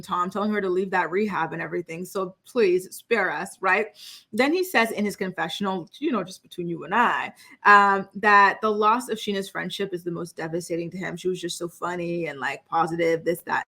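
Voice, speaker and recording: Woman, bright clear tone, chatty and opinionated vlog recapper. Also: fairly low pitch, a little fast. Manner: chatty, opinionated, heavy use of "like". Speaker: reality TV recap YouTuber. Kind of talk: casual chat recap.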